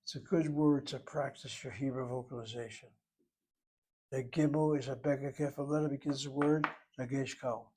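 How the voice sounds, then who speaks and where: A man's voice: mid-range voice, fairly even intonation, normal speed, mellow, a little hiss or hum. A man teaching a Hebrew grammar lesson, explaining each word methodically letter by letter.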